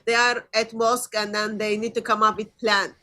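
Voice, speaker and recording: A woman co-hosting a casual reaction commentary, animated and teasing. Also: on the high side, normal speed. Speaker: co-host.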